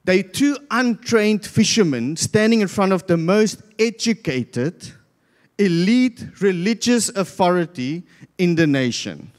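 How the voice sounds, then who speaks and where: The preacher is a South African man whose voice sits high and sounds animated, though his pace stays measured. Giving a sermon in a church hall with long reverb, he narrates a Bible story and performs the crowd's lines.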